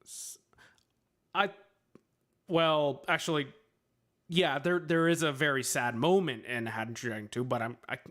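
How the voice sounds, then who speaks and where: With a somewhat high, bright voice, this man takes his time fielding questions from his livestream chat, pausing often. His answers meander with filler words, and he laughs at himself along the way.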